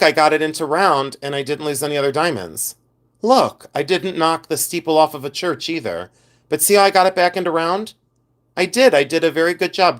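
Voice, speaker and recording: A man with a somewhat high-pitched voice chats loosely through a live stream. He rambles and repeats himself, piling on exasperated asides as he talks. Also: fairly bright tone. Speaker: live-stream host selling gemstones. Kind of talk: casual live-stream chat.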